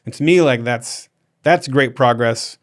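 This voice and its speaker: A man's voice: medium pitch, unhurried. A man hosting a podcast in casual chat, rambling with many restarts and fillers. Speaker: podcast host.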